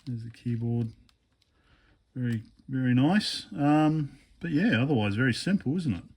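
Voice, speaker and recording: A man giving a casual hands-on teardown commentary, thinking aloud in a hesitant, low-key way with many fillers and restarts while he works. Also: normal speed, darkish tone, husky. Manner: low-key, mutters asides while working with his hands. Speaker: electronics hobbyist vlogger.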